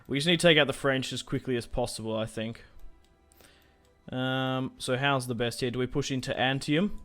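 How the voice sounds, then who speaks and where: A man's voice: medium pitch, moderate pace, fairly bright tone, faint music behind. A young man giving casual, rambling commentary on a strategy game, thinking aloud with fillers. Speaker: gaming YouTuber.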